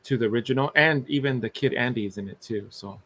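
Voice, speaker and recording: A man's voice: mid-range voice, quick pace, sharp tone. A man co-hosting a live podcast stream, chatting casually with many restarts and frequent laughter. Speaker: podcast co-host.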